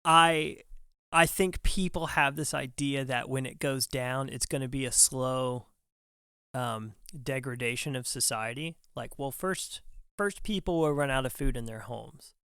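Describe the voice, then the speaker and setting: A young adult man, a firefighter guest on a podcast, telling a story casually and acting out what other people said in quick quoted bits. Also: medium pitch, pushed and bright, clean tone, no echo, clean studio sound. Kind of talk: animated storytelling in casual conversation.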